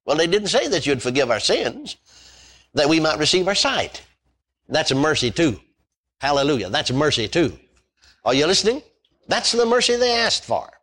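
A man delivers a sermon in a slightly husky voice. His pitch rises and falls animatedly as he reads verses and then drives the point home by repeating it. He breaks in with "hallelujah" and "praise God.". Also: very animated, normal speed, long pauses, fairly bright tone. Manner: reads scripture aloud, then expounds with emphatic repetition and hallelujahs. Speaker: preacher.

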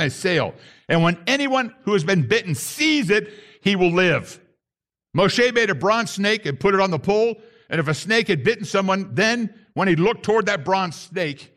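A man's voice: high-pitched, a bit bright. A man preaching a sermon to his congregation, reading scripture and acting out the grumbling voices. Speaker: pastor.

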